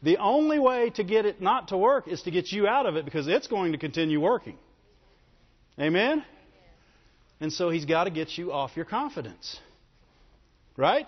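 A man preaching a sermon emphatically, repeatedly calling out to his congregation for agreement. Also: a little high. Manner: emphatic, calls for audience response. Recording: echoey hall, dull lo-fi sound.

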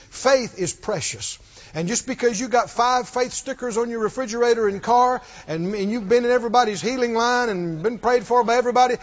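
A man preaching a sermon in a church, emphatic and repetitive, calling on the congregation to repeat after him. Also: extremely high pitch. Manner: emphatic and repetitive, leads call-and-response. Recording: muffled, with long hall reverb.

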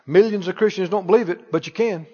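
A man's voice: high voice, fast talker, mellow, slightly rough. A man preaching a sermon emphatically, leading his congregation in call-and-response. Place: church sanctuary. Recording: dull recording in a reverberant hall.

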